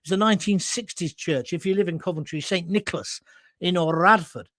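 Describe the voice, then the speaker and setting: A man's voice: sits high, a little fast, fairly bright tone, no echo, studio quality. A man hosting his own live stream, delivering indignant, emotional commentary straight to his viewers.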